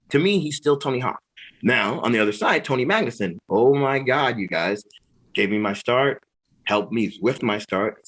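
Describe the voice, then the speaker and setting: A middle-aged man, a guest on an interview show, telling stories in a relaxed way, laughing often and acting out what others said. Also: fairly low pitch, breathy edge, low-quality recording. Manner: animated, laughing storyteller who acts out quoted voices. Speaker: guest, pro skateboarder and musician. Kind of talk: casual interview storytelling.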